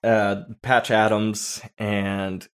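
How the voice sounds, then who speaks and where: A man's voice: on the low side, extremely slow, clean tone. Man hosting a casual movie chat. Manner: laughs often, animated storytelling. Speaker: podcast host.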